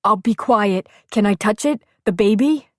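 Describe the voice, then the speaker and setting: A woman voicing a gentle, earnest young man who talks in soft, plain, childlike words. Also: medium pitch, a little slow, dry recording, studio quality, pitched above the performer's own voice, close to an everyday voice.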